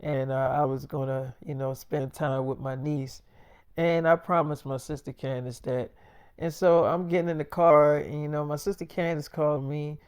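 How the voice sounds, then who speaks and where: A man's voice: a little high, flat delivery, moderate pace, clean tone. A man telling a made-up first-person story in a loose, rambling, profane way. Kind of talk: freestyle role-play storytelling.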